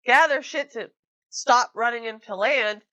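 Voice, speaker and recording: A woman's voice: a little high, unhurried, pushed and bright, dull audio. A woman narrating a tabletop role-playing game as game master, giggling often between scenes.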